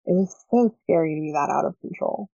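A woman's voice: deep voice, animated, fairly quick, vocal fry, warm tone, no echo. Woman, 30s, parenting coach guest, earnest chatter, dry room, dull lo-fi tone. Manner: earnest, chatty, lots of fillers. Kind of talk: casual interview chat. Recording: dry, slightly dull lo-fi sound.

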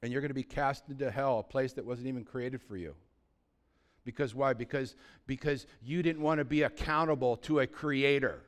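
A man's voice: medium pitch, normal speed. A man preaching a sermon as pastor, blunt and urgent, asking the listeners rhetorical questions.

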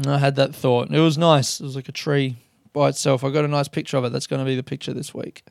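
A man's voice: mid-range voice, flat delivery, quick pace, gravelly, no echo, studio quality. A young man, a comedian rambling loosely through stories in a sweary, self-mocking way. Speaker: comedian podcast host. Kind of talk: casual rambling monologue.

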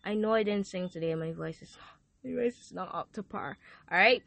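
A young woman hosting a youth podcast, talking in a lively, playful way and leading prayer. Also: medium pitch, brisk, gravelly, no room sound. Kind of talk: casual podcast chat with prayer.

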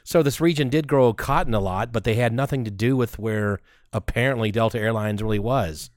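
A man's voice: mid-range voice, brisk, dry recording, clean studio sound. A man chatting casually as a podcast co-host, who laughs easily, cuts in and riffs on the jokes. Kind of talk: casual chat.

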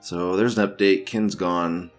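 A man's voice: low voice, steady tone, measured pace, soft background music. A man hosting a podcast, giving crude, profane, offhand commentary and often laughing as he reacts to videos. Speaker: podcast host.

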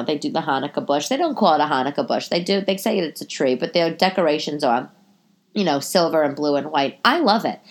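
Lady podcaster rambling off on tangents, stuffy nose, kinda low voice. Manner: chatty, rambling, goes off on tangents. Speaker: podcast host. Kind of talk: casual chat. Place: her apartment.

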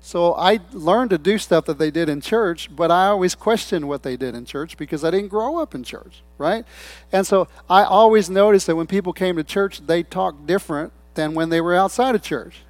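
A man's voice: high voice, normal speed, dry recording. Conversational male preacher, dry sound. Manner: conversational, tells stories with quoted voices. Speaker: pastor. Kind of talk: sermon.

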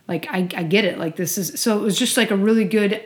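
A woman's voice: medium pitch, quick pace. A woman in casual conversation over a glass of wine, talking in a loose, rambling way. She peppers her speech with "like" and the odd swear word, and keeps the tone easygoing. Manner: chatty, heavy use of "like", swears casually. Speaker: podcast co-host.

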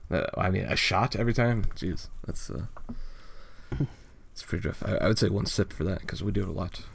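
A man's voice: deep voice, fairly quick, creaky, husky. A young man co-hosting a podcast, chatting casually and rambling through a story with many fillers and laughs. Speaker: podcast co-host. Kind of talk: casual chat reading a fan comic aloud.

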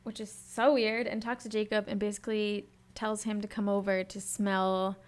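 A woman's voice: medium pitch, moderate pace. A woman co-hosting a casual book chat, laughing often and reading passages aloud. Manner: giggly, animated, reads passages aloud. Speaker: co-host of a book discussion.

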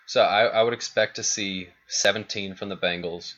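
A man's voice: on the low side, fairly even intonation, normal speed, a bit bright, muffled recording. A man co-hosting a sports podcast, talking in a laid-back way and steering toward predictions. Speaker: podcast co-host. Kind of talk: casual sports chat.

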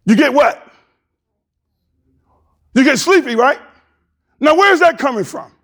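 A male pastor preaching a sermon, emphatic and repetitive, building to shouted climaxes. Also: very high voice, expressive, slow pace.

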